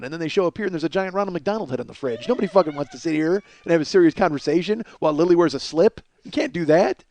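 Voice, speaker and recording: A man in his forties with a hoarse voice, hosting a comedic solo podcast in a rambling, profane, self-mocking way, in his home kitchen. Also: a little high, expressive, very fast, hardly any pauses, darkish tone. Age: 40s. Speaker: podcast host.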